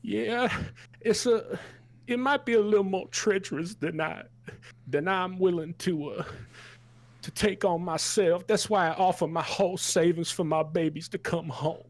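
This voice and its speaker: A man puts on the high-pitched, unhurried voice of a drunk old sheep farmer, rustic and mournful. He rambles in a folksy drawl.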